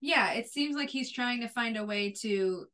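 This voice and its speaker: A woman's voice: a little high, normal speed, pushed and bright. Casual woman podcast co-host recapping. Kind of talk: casual chat recapping a TV episode.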